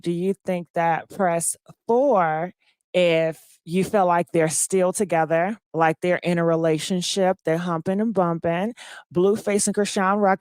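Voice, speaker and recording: Just out of bed and short on energy, a woman chats directly with her live-stream audience in a casual gossip commentary, leaning on plenty of fillers. The sound is dry and studio quality.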